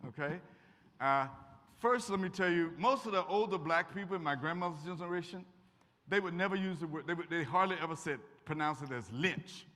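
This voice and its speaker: Speaking a little fast in a slightly high, bright, forceful voice, an older man with an Eastern Kentucky accent gives a folksy, joking guest lecture at a college and answers audience questions. The auditorium recording is echoey.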